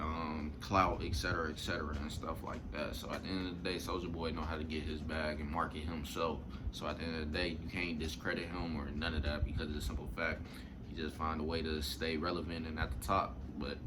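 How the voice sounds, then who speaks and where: A man's voice: low-pitched, noisy background. A man hosting a reaction video, talking through his opinions in a laid-back casual way, often repeating "at the end of the day". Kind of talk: casual commentary.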